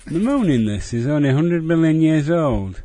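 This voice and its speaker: A man's voice: on the high side, expressive, moderate pace, dark tone. A man reading his own recorded review with a dry, mocking tone. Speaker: listener sending recorded feedback. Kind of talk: read-out spoken review.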